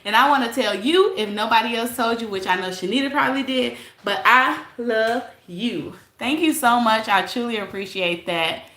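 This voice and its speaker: A woman chats bluntly with her live-stream viewers in a bright, forceful voice pitched a little high. She talks straight to the audience in an easy, casual flow. The sound carries a noticeable room echo. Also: a little fast, few pauses. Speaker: livestream host reading chat. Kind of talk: casual live-stream chat and gossip commentary.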